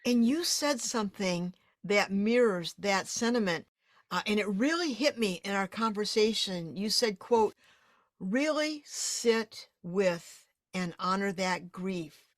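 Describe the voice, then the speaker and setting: A woman hosting an interview, speaking in a warm, affirming and thoughtful way. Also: mid-range voice, animated, slow, no echo, studio quality. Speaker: podcast host. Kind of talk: interview conversation.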